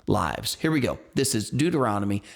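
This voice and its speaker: A man's voice: lowish voice, very animated, fairly quick, gravelly. A man with a light Southern US country accent, a pastor leading an earnest, emphatic Bible study. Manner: earnest, emphatic preaching with bursts of exclamation.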